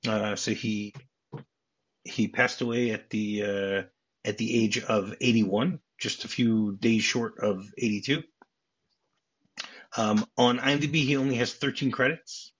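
A man's voice: fairly low pitch, steady tone, unhurried, fairly bright tone, husky, muffled recording. A man co-hosting a podcast, chatting casually and explaining film scenes and trivia at length. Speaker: podcast co-host.

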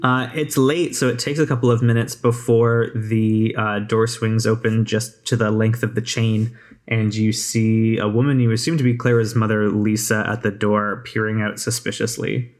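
Casting male game master, flat even narration, casual filler-heavy. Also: lowish voice, moderate pace. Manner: relaxed narration with many fillers.

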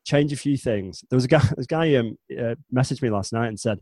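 A chatbot developer in his forties, from the north of England with a Northern English accent, rambles chattily as an interview guest, often restarting and correcting himself. His medium-pitched voice is darkish and a little fast, with hardly any pauses. There's no room sound.

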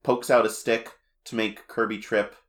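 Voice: medium pitch, level tone, normal speed. A podcast co-host in casual chat, recapping a cartoon episode with rambling asides, fillers and frequent laughter.

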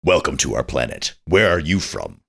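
Cast a man as a cheesy alien welcomer with a deep booming announcer voice, swooping pitch. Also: very animated, normal speed, vocal fry, fairly bright tone, slightly rough, exaggerated voice. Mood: hammy welcoming. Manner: overly polite, hammy announcer delivery. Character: friendly male alien greeter in announcer voice.

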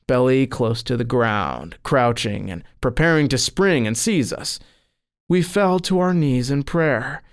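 A man reading a first-person account of a saint's dream as scripted narration, telling it expressively. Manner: expressive storytelling, lifting pitch on quoted cries.

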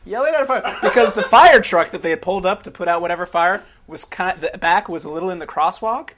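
A man's voice: high voice, expressive, fast, noisy background. A man co-hosting a podcast, reacting with easy chuckles in casual chat. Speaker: podcast co-host.

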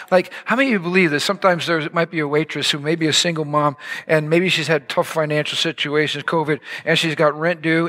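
A male pastor preaching a lively sermon in a church, with energetic shouting bursts. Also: fairly high pitch.

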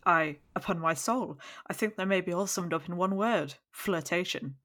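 A woman's voice: lowish voice, moderate pace, a bit bright, lightly acted. A woman reading the part of a fat, jovial older lord who gossips with exclamations, in an audiobook. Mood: gossipy. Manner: chatty, gossipy storytelling with exclamations.

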